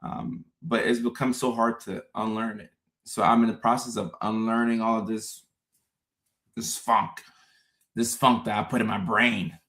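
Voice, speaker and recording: A man hosting a casual livestream, talking to viewers in an animated way, often repeating words and acting out his own thoughts. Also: fairly low pitch, normal speed. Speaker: host.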